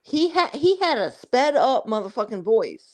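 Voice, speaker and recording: A woman arguing on a livestream, fiery, profane and excitable. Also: a little high, normal speed, a crowd in the background. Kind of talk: heated livestream argument.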